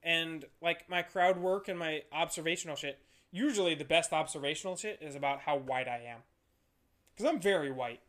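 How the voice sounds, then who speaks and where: A man's voice: fairly high pitch, normal speed, fairly bright tone. A young man from Ohio, a comedian talking casually and profanely on a podcast, telling stories with a loose, laughing manner. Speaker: comedian guest.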